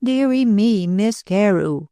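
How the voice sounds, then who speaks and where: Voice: medium pitch, moderate pace, a little mellow, clean tone, dry recording, studio quality, close to an everyday voice. A narrator voicing a fussy, flustered older housekeeper in an audiobook, in a raised, politely anxious voice. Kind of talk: audiobook character reading.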